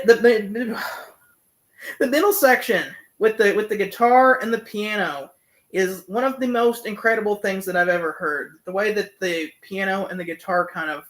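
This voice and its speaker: A man's voice: sits high, a bit bright. A young man giving a casual, enthusiastic album review, full of fillers and humming along to the songs. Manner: enthusiastic, many fillers, hums and sings along. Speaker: music reviewer.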